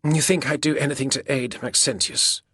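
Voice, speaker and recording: A fierce, frightened noblewoman, as a male narrator puts her on, her words choked and intense. The voice is raised well above his own and a little husky. It is dry and close. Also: medium pitch, moderate pace, a bit bright, no echo, pitched above the performer's own voice. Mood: angry. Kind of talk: audiobook character reading.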